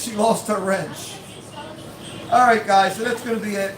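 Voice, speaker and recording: A man's voice: high voice, fairly even intonation, normal speed, long pauses, over music, poor audio. A man hosting a casual family livestream, easygoing and upbeat as he chats with viewers. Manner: easygoing, upbeat sign-offs. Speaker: livestream host.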